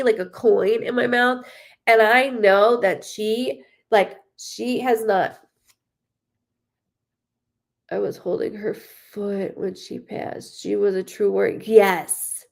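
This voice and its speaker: A woman's voice: mid-range voice, vocal fry. A woman medium doing a live reading, talking in an emotional, rambling way with many fillers as she relays spirit messages. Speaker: psychic medium.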